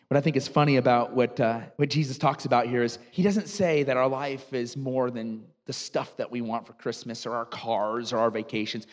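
Pastor preaching in a reverberant hall. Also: male voice, medium pitch. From United States. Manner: storytelling, animated, laughs at own anecdotes. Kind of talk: sermon.

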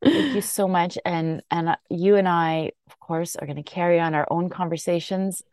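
A woman hosting a podcast, effusive with warm thanks and quick asides in a casual chat. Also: on the low side, no echo, clean studio sound. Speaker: podcast host.

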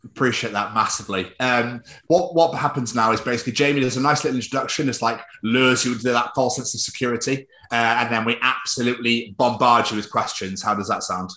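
A man's voice: mid-range voice, fast talker, few pauses, bright, forceful tone, echoey room. A man co-hosting a podcast, upbeat and jokey, who laughs easily while chatting. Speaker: podcast co-host. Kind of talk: casual podcast chat.

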